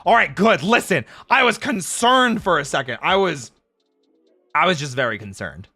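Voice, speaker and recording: A man streaming casually, chatting with viewers in an animated, jokey way and laughing often. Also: on the high side, moderate pace, husky, no room sound. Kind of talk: casual live-stream chat answering viewers. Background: faint background music.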